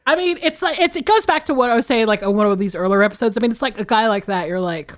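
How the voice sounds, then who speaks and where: A woman co-hosting a podcast in casual chat, animated and laughing often, with frequent swearing. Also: fairly high pitch, quick pace. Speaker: podcast co-host.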